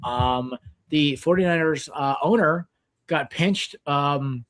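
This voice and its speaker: A man's voice: a little high, takes it slowly, noisy background. A man in his thirties hosting a casual sports podcast, rambling with lots of fillers and restarts. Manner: rambling, filler-heavy, excitable. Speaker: podcast host.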